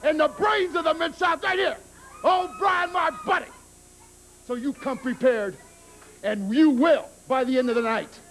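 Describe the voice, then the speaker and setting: A high cackling clown wrestler. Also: male voice, a bit bright, faint music behind. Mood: creepy threat. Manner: cackling, mocking, drawn-out. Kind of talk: 1990s wrestling promo. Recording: noisy 1990s TV tape.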